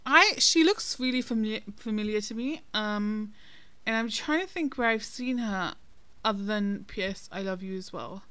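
A woman's voice: medium pitch, expressive, normal speed, a bit bright, clean tone, dry recording. A woman co-hosting a casual film-review podcast, talking in a chatty, hesitant way with many ums and restarts. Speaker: podcast co-host.

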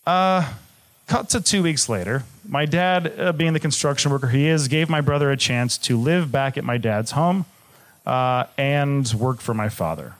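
Candid young man telling a story live. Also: medium pitch. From Michigan. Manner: candid, swearing, shifts from jokey to grave. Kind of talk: personal story told on stage.

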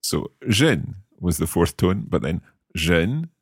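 Deep-voiced man learning phrases. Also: big pitch swings, husky, no echo, studio quality. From Scotland. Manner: curious, repeats phrases slowly and carefully. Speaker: learner host of a language lesson. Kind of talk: language lesson dialogue.

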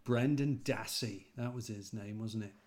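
An English preacher with a North Midlands accent, chatting casually and rambling, often correcting himself mid-sentence. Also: male voice, lowish voice, unhurried. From England. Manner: relaxed, rambling, self-correcting. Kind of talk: casual podcast chat.

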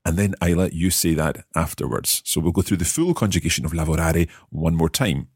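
A man's voice: low voice, brisk, husky, dry recording, clean studio sound. A British man hosting a podcast language lesson, guiding learners patiently with wry puns. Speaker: language course host.

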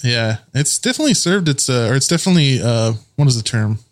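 A man's voice: medium pitch, expressive, fast talker. A man co-hosting a casual podcast chat, laughing often, swearing freely and sometimes searching for words. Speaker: podcast co-host.

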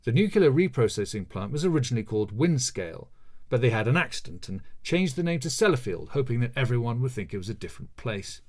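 Middle-aged male narrator for a scripted memoir reading; dry humor, lively intonation. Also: medium pitch, quick pace. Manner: dry, wry storytelling.

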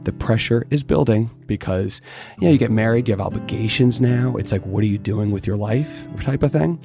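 A middle-aged man telling his own story in a casual interview, candid and animated, cursing freely. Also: lowish voice, fairly quick, gravelly, over music. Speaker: interview guest, distillery owner.

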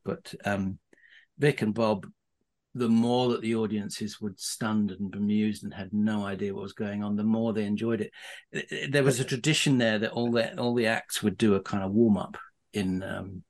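Middle-aged man spinning rambling anecdotes. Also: on the low side. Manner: rambling storyteller with many restarts, chuckling. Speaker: podcast guest. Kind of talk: casual anecdote telling.

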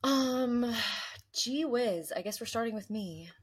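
Animated young woman telling stories. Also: fairly high pitch, slow, slightly rough. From US East Coast. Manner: animated storyteller, mimics voices and gasps. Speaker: podcast co-host. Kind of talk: casual chat.

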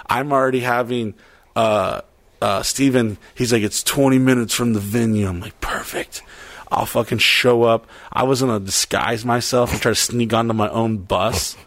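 A man's voice: fairly low pitch, no room sound. A man telling a long story in casual chat, rambling and swearing, acting out what people said. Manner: profane, rambling, animated retelling with quoted voices.

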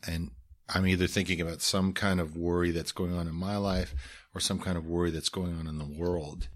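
Low husky-voiced man telling a story. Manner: earnest, rambling, frequent restarts and fillers. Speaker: musician promoting a film. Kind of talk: conversational storytelling.

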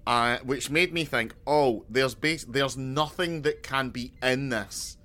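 Young guy, crisp bright voice, casual chat, dry jokey riffing. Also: medium pitch, slow pace. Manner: deadpan, rambling comic riffing with restarts. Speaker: podcast co-host.

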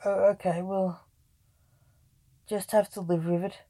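A woman's voice: medium pitch, flat delivery, unhurried, dark tone. A woman voicing a stern, protective necromancer father in a gothic audio story. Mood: grim.

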